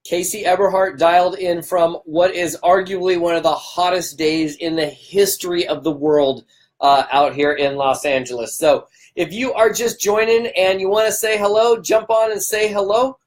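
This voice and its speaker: A man's voice: high-pitched, normal speed. A man hosting a live stream, fired up and emphatic. He repeats himself for emphasis and greets viewers by name. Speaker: livestream host.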